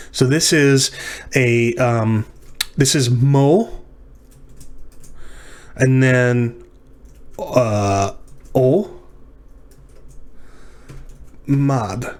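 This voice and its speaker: A man teaching a language lesson, working through practice words aloud, thinking as he goes and correcting himself. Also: medium pitch. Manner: thinking aloud, self-correcting, sounding out syllables. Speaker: language instructor. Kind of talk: recorded lecture practice walkthrough.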